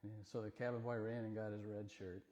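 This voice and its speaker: A man visiting a church as a speaker for a Bible ministry, telling folksy stories in a rambling, gently joking way. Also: fairly low pitch, flat delivery, fairly quick. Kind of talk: folksy storytelling talk in church. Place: church sanctuary. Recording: long church hall reverb.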